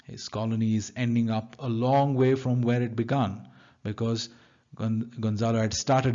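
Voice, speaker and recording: A man's voice: on the low side, little pitch movement, normal speed, mellow. A male teacher with an Indian English accent giving a literature lecture, paraphrasing each line in plain words. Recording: dull lo-fi recording.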